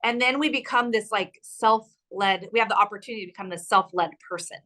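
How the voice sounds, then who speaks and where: A woman's voice: medium pitch, brisk, sharp tone, poor audio. A woman co-hosting a podcast who talks casually in an emphatic, motivational way. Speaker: podcast co-host. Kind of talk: casual chat.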